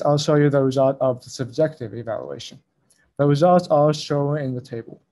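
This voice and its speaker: A man presents a research talk at a conference. His voice is mellow and dark, at a middling pitch. He moves carefully through his slides and spells out each acronym letter by letter. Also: low-quality recording.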